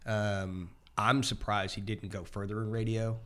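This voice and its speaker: A man's voice: lowish voice, little pitch movement, measured pace, sharp tone. Male guest, 40s, from the American South, loose anecdotal storyteller with frequent restarts. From Southern United States. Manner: rambling, descriptive storyteller with many restarts. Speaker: chef guest. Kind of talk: casual podcast conversation.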